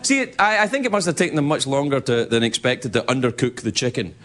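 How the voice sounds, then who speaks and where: A man doing live stand-up comedy with animated, punchy delivery and repeated punchlines. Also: mid-range voice, fast. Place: comedy venue with a laughing audience. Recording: live show with loud crowd and noise.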